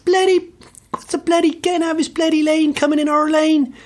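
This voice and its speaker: A man's voice: extremely high pitch, flat delivery, fairly quick, voice pushed up. A man voicing a portly, short-tempered older male driving instructor, ranting at other drivers. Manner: exasperated ranting.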